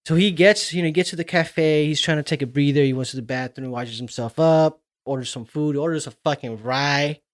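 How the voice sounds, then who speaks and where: Dude on a podcast retelling movies, swears a lot, kinda high voice, dry close mic. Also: male voice, a little fast, hardly any pauses, dry recording. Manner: profane, animated storyteller. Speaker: podcast co-host. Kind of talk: casual chat retelling movie scenes.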